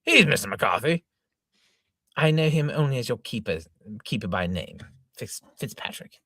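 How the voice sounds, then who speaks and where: A man voicing a courteous young gentleman suitor, speaking formally in an amateur reading of an old farce. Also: medium pitch, very animated, normal speed, no echo, clean studio sound, heavily acted. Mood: explaining.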